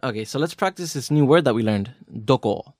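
A playful man co-hosting a language podcast, teasing his co-host and explaining points slowly and clearly. His voice sits at a middle pitch and sounds close and dry, with no room around it. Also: animated, a little mellow, dry recording. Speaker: podcast co-host teaching Japanese. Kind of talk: casual language lesson banter.

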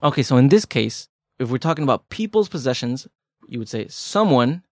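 A man's voice: mid-range voice, sing-song, brisk, no room sound, clean studio sound. A man co-hosting a language lesson podcast, explaining grammar in a casual, chatty, joking way. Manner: laid-back, chatty, joking. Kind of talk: casual teaching chat.

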